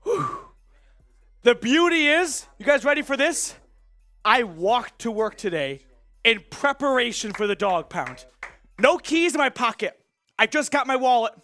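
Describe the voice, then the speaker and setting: A man hosting a live sports stream, excitedly shouting as he reads out viewer super chats. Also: very high voice, unhurried, faint music behind. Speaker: sports show host.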